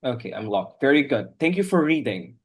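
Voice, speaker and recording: A man's voice: mid-range voice, sing-song, brisk. A man teaching an online English class over a video call, patiently correcting his students' pronunciation word by word.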